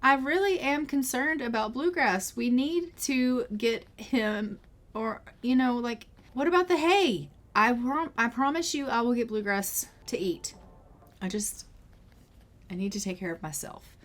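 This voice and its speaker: A woman's voice: on the high side, expressive, unhurried, fairly bright tone. A woman voicing an anxious young woman who frets and pleads over a horse that will not eat, in a life-sim game playthrough. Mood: worried. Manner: fretful, pleading.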